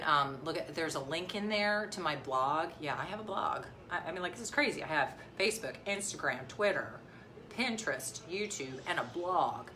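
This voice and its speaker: A woman's voice: low voice, sharp tone, slight background noise. A woman in her thirties, a mom chatting on a casual live stream, rambling with lots of fillers and restarts. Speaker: vlogger and mom. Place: outdoors near the beach. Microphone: phone live stream.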